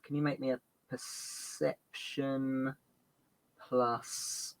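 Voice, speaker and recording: A man's voice: mid-range voice, flat delivery, extremely slow, creaky, no room sound. A man narrating as game master of a tabletop game, rambling with fillers and restarts.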